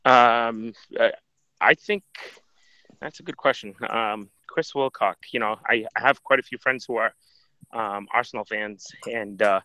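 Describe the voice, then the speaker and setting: A man's voice: mid-range voice, unhurried, bright, forceful tone, no room sound. A man co-hosting a casual football podcast, giving his views hesitantly with many ums and you-knows. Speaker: podcast co-host. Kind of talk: casual chat. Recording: dry, dull lo-fi line.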